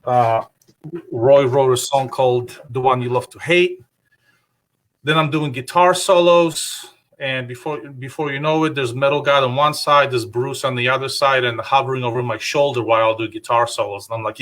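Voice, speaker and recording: Bright-voiced man telling stories. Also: mid-range voice, fairly even intonation, moderate pace. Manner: rambling anecdotes with many fillers; acts out his own past remarks in quotes. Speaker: guest guitarist. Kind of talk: casual interview storytelling.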